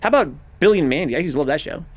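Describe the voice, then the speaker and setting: A man streaming a video game, talking casually with animated, profane, rambling rants. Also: fairly high pitch, very fast. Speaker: gaming streamer. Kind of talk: casual let's-play commentary.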